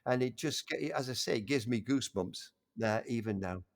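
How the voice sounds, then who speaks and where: An older man reminiscing in a casual conversation, halting with frequent restarts and warmly enthusiastic. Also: mid-range voice, animated, vocal fry. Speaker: interview guest.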